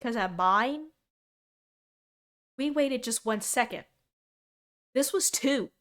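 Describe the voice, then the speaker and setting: A young woman in her twenties streaming a casual reaction, talking in an animated and sarcastic way and laughing often. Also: a little high, slow pace.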